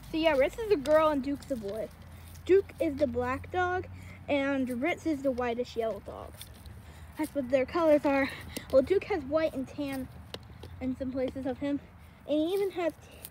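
Her voice is high-pitched yet darkish in tone, with slight background noise as her dogs bark. She's a pet vlogger chatting outdoors on a handheld camera, talking to the dogs in a fond sing-song.

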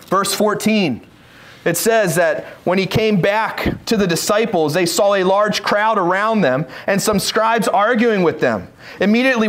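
A man's voice: high-pitched, a bit bright. A male pastor giving a sermon, reading scripture aloud and acting out the pleas of the people in the stories. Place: church sanctuary.

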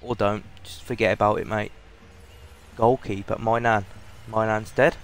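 A young British man giving excitable pack-opening commentary on a video game, swearing and repeating himself. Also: fairly low pitch, normal speed, slight background noise. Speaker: gaming YouTuber.

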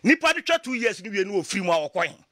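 A man with a Ghanaian accent, speaking as a political commentator in a lively talk show discussion, passionate and full of rhetorical questions. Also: high-pitched, rapid-fire, no echo, studio quality. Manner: passionate, mixing Twi and English, rhetorical questions.

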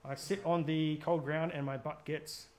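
A man's voice: fairly high pitch, steady tone, moderate pace, darkish tone. A man giving a chatty, jokey outdoor safety workshop, often quizzing his audience. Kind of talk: live gear workshop talk.

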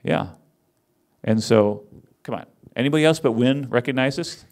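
A man giving a conference talk, wry and animated, teasing his audience as he speaks. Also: mid-range voice, normal speed. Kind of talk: lively lecture with audience banter.

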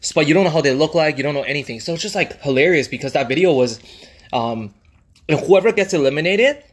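Husky-voiced man telling chatty stories. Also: fairly high pitch, animated, fast talker. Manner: chatty storyteller, lots of fillers. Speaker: mukbang co-host. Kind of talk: casual chat while eating. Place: indoors at a dining table.

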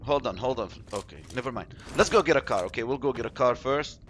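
Lively, excitable gamer man. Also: medium pitch, fast, background noise. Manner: chatty, excitable, yelps when surprised. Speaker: mobile game streamer. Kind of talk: excited gameplay commentary.

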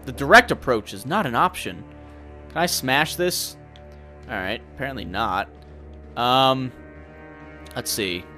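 A young man giving casual, excitable gameplay commentary, thinking aloud and swearing. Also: medium pitch, measured pace, pauses often, faint music behind.

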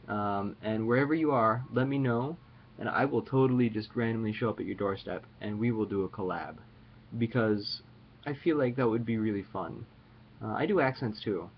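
A man's voice: on the low side, lo-fi sound, a little hiss or hum. A man chatting casually to his viewers in a playful, jokey, rambling way. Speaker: vlogger. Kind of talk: casual chat to camera.

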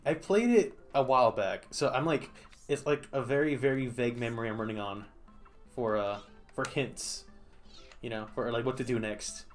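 A man's voice: mid-range voice, normal speed, faint music behind. A man streaming a game, chatting casually and playfully, laughing often and talking to the creatures on screen. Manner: playful, giggly, talks to the game. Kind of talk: casual gameplay commentary.

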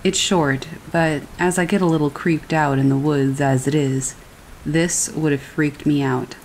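Low-voiced woman reading scary stories over rain. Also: steady tone, a little slow, a little mellow, slight background noise, rough recording. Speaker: horror story narrator. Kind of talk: scripted narration of reader stories. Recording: faint rain behind the voice. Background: rain falling.

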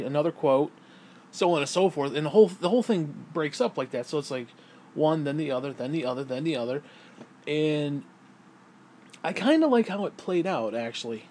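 A man's voice: fairly high pitch, darkish tone, a little hiss or hum. A man rambling through a casual vlog monologue, swearing freely, interrupting himself and laughing often. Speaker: vlogger.

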